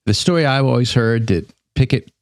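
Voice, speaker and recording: A man, a battlefield guide, answering listener questions in relaxed, joking podcast chat. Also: mid-range voice, brisk, no room sound, studio quality. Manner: relaxed, joking, thinks aloud.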